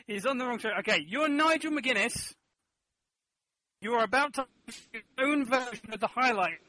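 Upbeat male improv host, high and bright voice, dry close sound. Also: no echo, low-quality recording. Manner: upbeat, quick to laugh, game-show style prompting. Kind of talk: casual comedy podcast chat.

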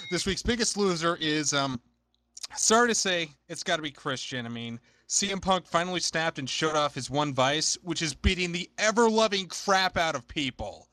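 A man on a podcast panel with a bright, sharp, slightly high voice. He teases and builds up gags with a jokey delivery. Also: lively intonation, normal speed. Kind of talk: comedic segment.

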